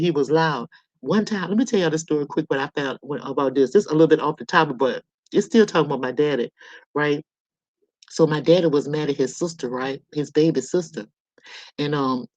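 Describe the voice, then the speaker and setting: Low and somewhat dark in tone, this middle-aged woman's voice comes through a laptop microphone as she hosts a relaxed home livestream. She's a talkative storyteller who swears and addresses her viewers, and the audio is dull and lo-fi without any echo.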